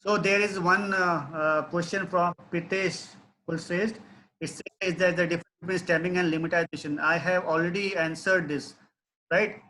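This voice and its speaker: High, bright-voiced man giving a lecture. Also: fairly even intonation, normal speed. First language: not English. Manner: explanatory, frequent tag questions. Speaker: webinar lecturer. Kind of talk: online technical lecture.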